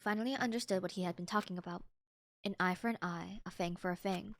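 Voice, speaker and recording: Woman reading a quiet young male narrator. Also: lowish voice, fairly even intonation, fast, natural voice. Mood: reflective. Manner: quiet, reflective.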